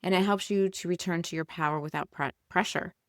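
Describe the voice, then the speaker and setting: A woman's voice: fairly low pitch, brisk, no room sound, studio quality. A woman hosting a podcast, talking casually and soothingly as she guides listeners through breathing. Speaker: podcast host and coach.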